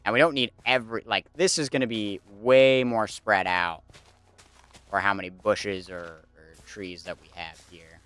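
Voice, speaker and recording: Young guy streamer, lowish voice, rambles with lots of likes and uhs while he builds. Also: normal speed, a bit bright, clean tone. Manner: rambling, filler-heavy, thinking aloud. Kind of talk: casual chat while playing a building game.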